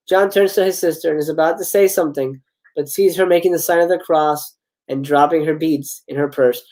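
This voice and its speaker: A man's voice: a little high, a little mellow, rough recording. A man hosting a live stream, reading screenplay stage directions aloud with chuckling asides and occasional stumbles. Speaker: host reading film scripts. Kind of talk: live script read-aloud.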